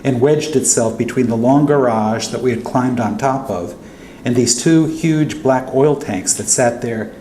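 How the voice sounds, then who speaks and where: Male author reading fiction at a podium, mid-pitched, echoey hall. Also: unhurried. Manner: steady first-person narration. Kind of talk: reading his fiction aloud. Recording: echoey hall with faint hum.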